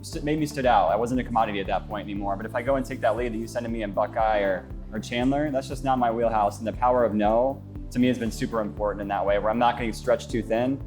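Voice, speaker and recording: A man from the Phoenix area, a business owner, giving a confident, brisk tour and interview inside his office. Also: on the low side, over music. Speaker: guest, brokerage owner. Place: inside a real estate office.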